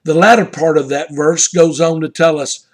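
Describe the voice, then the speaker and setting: Older southern guy, bit high voice, folksy earnest devotional talk. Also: steady tone, normal speed. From Southern United States. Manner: earnest, homespun storytelling. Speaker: pastor. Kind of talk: devotional message.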